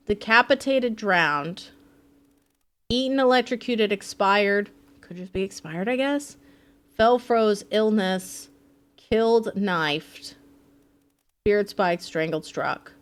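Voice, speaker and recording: A woman's voice: mid-range voice, fairly bright tone. A woman streaming a game live, chatting playfully and swearing freely as she thinks aloud. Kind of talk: casual live gameplay commentary.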